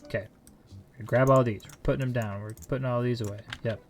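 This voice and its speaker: A man's voice: medium pitch, steady tone, fast, slight background noise. Man muttering frantic game commentary. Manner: talks to himself, frantic exclamations and silly mild curses. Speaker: streamer. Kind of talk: casual live gameplay commentary.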